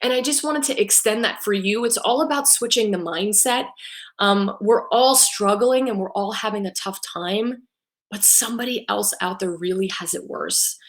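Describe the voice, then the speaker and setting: A woman's voice: medium pitch, normal speed. Middle-aged woman, upbeat business coach on a live stream, talks straight to her viewers with an emotional edge. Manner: upbeat, coaching, repeats "right?". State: emotional at times. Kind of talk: live-streamed motivational talk.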